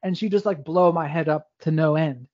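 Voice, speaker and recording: A man's voice: on the high side, moderate pace, a little mellow, no room sound, muffled recording. A man, a podcast guest, telling his life story in a candid, rambling way with frequent restarts. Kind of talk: casual storytelling interview.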